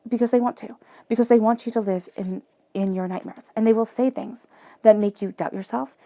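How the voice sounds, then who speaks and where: A woman giving a tarot reading straight to her listener, earnest and encouraging, sometimes dropping to a soft murmur as she chants questions over the cards. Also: fairly high pitch, steady tone, a little fast, no echo. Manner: earnest, emphatic and encouraging, addressing the listener directly. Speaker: tarot reader.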